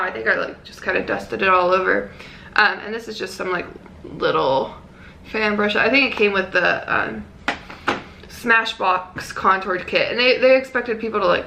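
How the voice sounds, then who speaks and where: Young woman vlogger, lilt, chatty and self-deprecating, bright tone with vocal fry, faint room hiss. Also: medium pitch. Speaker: beauty vlogger. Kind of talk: casual makeup tutorial chat.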